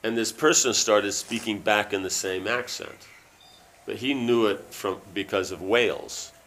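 A man reading a book aloud and breaking off into loose, halting asides full of fillers. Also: lowish voice, a bit bright, a little hiss or hum. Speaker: reader.

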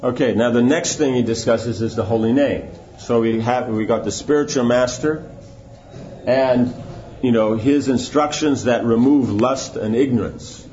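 A man's voice: mid-range voice, unhurried, warm tone, slight background noise. Guy teaching a laid-back spiritual class, chatty, keeps checking if folks follow, kinda muffled recording. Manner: conversational, keeps checking in with "right?". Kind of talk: informal scripture class.

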